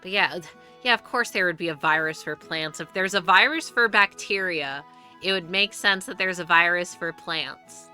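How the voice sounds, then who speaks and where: A woman's voice: fairly low pitch, moderate pace, bright, forceful tone, soft background music. A young woman streaming live, chatting casually and rambling with frequent restarts and free swearing.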